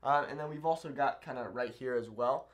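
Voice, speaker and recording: A man teaching a video language lesson at a board, upbeat and animated, checking in often with the viewer. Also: mid-range voice, brisk, muffled recording. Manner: upbeat, animated, keeps asking "okay?". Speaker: Spanish teacher.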